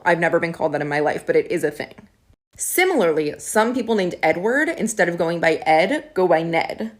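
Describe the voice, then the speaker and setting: Young woman chatting about nicknames, upbeat, lots of "like", kinda low voice. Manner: chatty, upbeat, frequent "like" fillers. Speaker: educational video creator. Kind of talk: casual explainer to camera.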